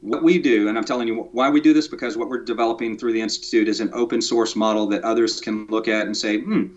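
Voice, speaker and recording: A man's voice: lowish voice, fairly even intonation, quick pace. A man, a guest on a podcast interview, talking casually in a joking way that turns detailed and technical. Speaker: podcast guest, tiny house builder. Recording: dull lo-fi sound.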